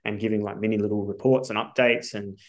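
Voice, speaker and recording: An Australian man telling his story as a podcast guest, animated and casual, with lots of swearing and fillers. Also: lowish voice, fast talker.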